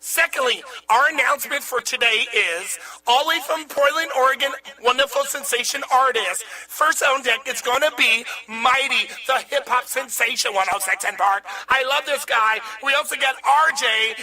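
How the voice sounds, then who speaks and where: A man's voice: extremely high pitch, normal speed, hardly any pauses, bright, forceful tone, heavily acted. A man playing a greedy, pompous and rude church deacon in a comedy sketch, pushy and indignant as he demands money.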